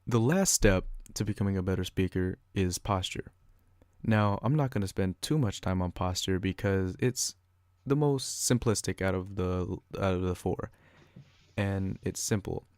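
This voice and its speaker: A young man with a very low voice reads a scripted educational podcast. His delivery stays a bit flat as he follows his prepared notes. The recording is dry, with no room sound around him. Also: a little slow, no echo. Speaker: student podcaster.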